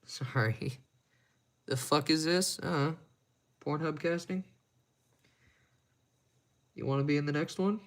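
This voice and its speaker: A man chatting casually on a live stream while he repairs watches at his bench, rambling and making crude, self-mocking jokes. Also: medium pitch.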